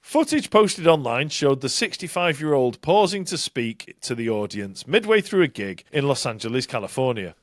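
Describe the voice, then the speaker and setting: A man's voice: medium pitch, very animated, moderate pace, hardly any pauses, dry recording, studio quality. A middle-aged British man co-hosting a podcast, talking casually with indignant, sweary energy. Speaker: podcast co-host. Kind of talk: casual chat.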